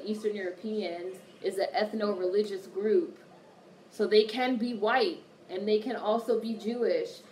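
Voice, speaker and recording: A woman's voice: mid-range voice, a little mellow. A woman hosting a casual livestream, reading viewer comments aloud and answering them with plenty of swearing. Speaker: livestream host. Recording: distant mic with faint background noise.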